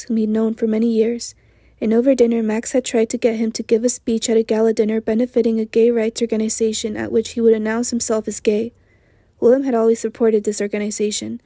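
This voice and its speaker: A hoarse woman narrating an audiobook in a measured, even literary reading. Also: fairly high pitch, dry recording.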